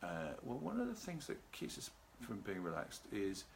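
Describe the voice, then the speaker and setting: Male host for a relaxation talk, low and calm, leisurely delivery. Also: creaky, slight background noise. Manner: calm, unhurried, greets live viewers by name. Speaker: seminar host. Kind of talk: live video talk on relaxation. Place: at home with a garden behind.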